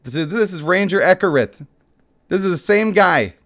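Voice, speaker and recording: A man's voice: sits high, lively intonation, moderate pace, a bit bright. A young man with a slightly worn voice, chatting casually and joking with his viewers on a game stream. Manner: joking, laughs at himself. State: voice a bit worn, cutting out. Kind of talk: casual live-stream chat.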